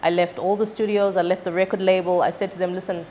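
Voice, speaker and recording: Young woman from zimbabwe telling stories in an interview, lowish voice, dull lo-fi sound, bit of noise. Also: fast. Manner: animated storytelling, acts out quoted parents, laughs often. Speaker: interview guest, singer. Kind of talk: casual interview chat.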